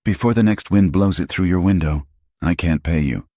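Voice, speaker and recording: A guarded, scarred frontier drifter with a very deep voice that speaks only in clipped, sparing words, as a man acts him out in an audiobook. The recording is dry and close, with no room sound around it. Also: moderate pace, mellow, dry recording. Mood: matter-of-fact. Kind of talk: audiobook character voice.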